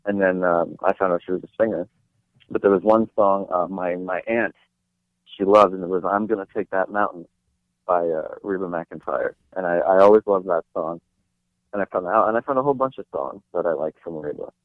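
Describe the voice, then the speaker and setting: A young man with a very low voice chats loosely as an interview guest. He rambles along, full of fillers and restarts. He comes through a tinny, dry phone line. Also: brisk, no echo. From New Jersey. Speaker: guest actor. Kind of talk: casual interview chat.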